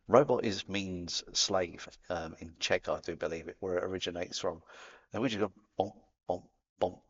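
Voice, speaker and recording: A man's voice: lowish voice, muffled recording. A man with a Cockney accent talking casually to camera as a spiritual vlogger, chatty and playful, dropping in sound effects. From England.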